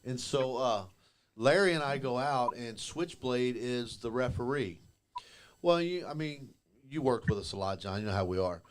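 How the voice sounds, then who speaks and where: A man's voice: mid-range voice, expressive, normal speed. A man telling wrestling stories in a drawling, laughing casual chat. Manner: drawling, laughs often, trails off quietly. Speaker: former wrestler, podcast host.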